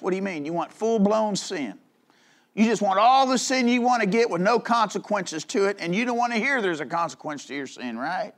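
A fiery male preacher with a high-pitched voice that dips into low, rumbling asides and climbs into loud, forceful bursts. He keeps pressing the congregation for agreement, and he reads old-style scripture in measured tones. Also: lively intonation. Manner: emphatic preaching with frequent call-outs for agreement. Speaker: pastor. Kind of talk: fiery sermon.

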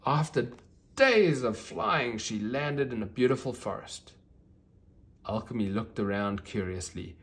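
A man reading a children's storybook aloud, gentle and expressive. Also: mid-range voice, unhurried.

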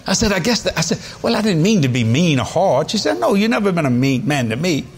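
A man's voice: fairly high pitch, big pitch swings, quick pace, slight background noise. A man, preaching a sermon in a folksy, storytelling way with chuckles. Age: 70s. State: has a cold.

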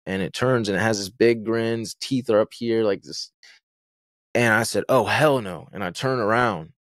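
Young man, lowish voice, dry close mic, rambling storyteller. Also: normal speed, dry recording. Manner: rambling, fillers and restarts, vivid retelling. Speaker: guest telling his story. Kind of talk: casual storytelling.

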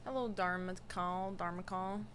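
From a home room where an air conditioner runs, a young woman livestreams with a lowish, slightly bright voice, fairly even intonation, moderate pace, and a little hiss or hum. She chats with live chat in a relaxed, rambling way, saying hi to viewers one at a time.

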